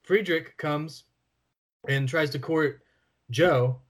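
A man's voice: on the high side, takes it slowly. A man co-hosting a casual film podcast, enthusiastic and loose, calling his friend "dude" and "bro". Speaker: podcast co-host.

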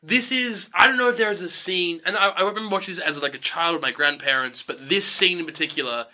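Guy with a high bright voice, rambly movie podcast chat, lots of likes and half sentences. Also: fast talker. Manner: rambling, filler-heavy, laughing asides. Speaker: podcast co-host. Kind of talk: casual movie-review banter.

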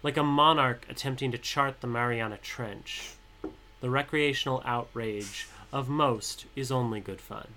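A man co-hosting a podcast, joking dryly and then reading his own political poem in a measured way. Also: medium pitch, pushed and bright. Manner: dry, teasing, measured when reading. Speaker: podcast co-host and poet. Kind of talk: casual chat and poetry reading.

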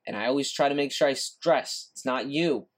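A man's voice: medium pitch, moderate pace. Frustrated man ranting on a podcast. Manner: frustrated, repetitive, ranting, swearing. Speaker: podcast host. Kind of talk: casual solo podcast rant.

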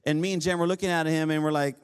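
A man's voice: a little high, steady tone, racing, smooth. A man preaching as a pastor, telling a personal story in a conversational way, with humorous asides and frequent repeated phrases. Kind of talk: sermon.

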